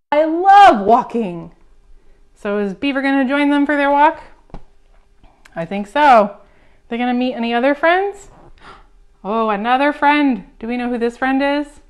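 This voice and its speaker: Slow, gentle storytime reader, woman. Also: on the high side. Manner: gentle, coaxing, asks children questions. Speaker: children's librarian. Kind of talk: preschool storytime reading.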